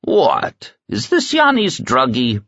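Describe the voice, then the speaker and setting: A man voicing a grumbling, suspicious old woman who snaps her questions sharp and wary from an audiobook page. The voice sits a good deal higher than his own, clipped and gruff, on a slightly muffled, dry recording. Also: wildly swooping pitch, slow pace, dry recording, full character voice.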